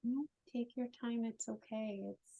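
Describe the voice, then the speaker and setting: A woman hosting an interview, speaking gently and reassuringly to her guest. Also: a little high, fairly even intonation, measured pace, gravelly, lo-fi sound. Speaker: host.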